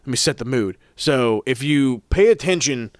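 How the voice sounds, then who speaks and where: A man's voice: mid-range voice, animated, normal speed, dry recording, studio quality. Profane, rambling man recapping wrestling. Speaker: podcast host reviewing wrestling events. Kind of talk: casual chat.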